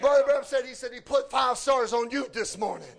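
A man preaching a fervent sermon, often shouting and lapsing into a sing-song cadence. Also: very high voice, brisk, vocal fry, some chatter behind.

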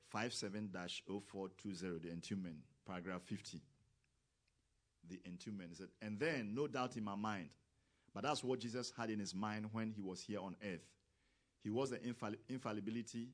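Emphatic preacher man, deepish voice. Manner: emphatic, rising to loud exclamations; non-native grammar, acts out quoted voices. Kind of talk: sermon.

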